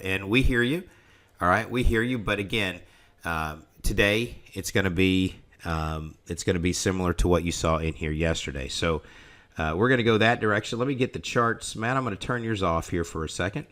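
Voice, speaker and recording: Deep-voiced chatty male trading host. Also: normal speed, a bit bright. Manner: chatty and rambling, often restarting sentences. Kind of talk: casual live market commentary.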